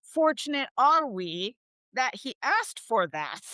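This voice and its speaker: A woman's voice: high voice, big pitch swings, slow pace, pushed and bright, no echo. A woman speaking earnestly in a casual discussion, pushing her point with conviction. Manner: earnest, argumentative. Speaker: panel speaker.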